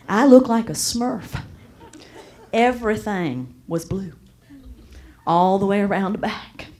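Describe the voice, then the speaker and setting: Lively woman telling a story. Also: mid-range voice. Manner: lively, animated storytelling with sudden loud and soft turns. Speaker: motivational speaker. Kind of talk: storytelling speech to a live audience.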